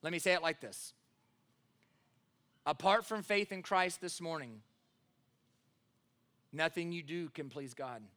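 A man preaching a sermon to a church congregation, emphatic, repeating key phrases and building to loud exhortation. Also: fairly high pitch, measured pace, long pauses. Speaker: pastor.

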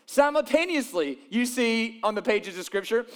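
A man's voice: very high voice, expressive, normal speed, hardly any pauses, smooth. A man preaching a sermon, reading scripture aloud and explaining it with emphatic repetition of key phrases. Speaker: pastor.

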